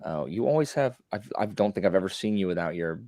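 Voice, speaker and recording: A man's voice: deep voice, expressive, fast, dark tone, dry recording, studio quality. A man hosting a casual podcast, chatty and teasing, talking over a computer mic on a call. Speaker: podcast host. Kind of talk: casual chat.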